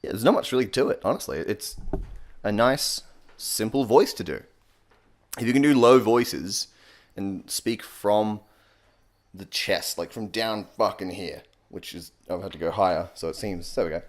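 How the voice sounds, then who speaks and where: A young man hosting a comedic voice tutorial, sarcastic and deadpan, swearing casually. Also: fairly low pitch, moderate pace. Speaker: comedy YouTuber.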